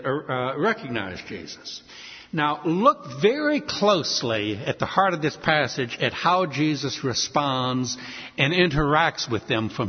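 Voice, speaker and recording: A man preaching a sermon with emphasis, asking rhetorical questions and swinging between loud and soft. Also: mid-range voice. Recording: dull, echoey hall sound.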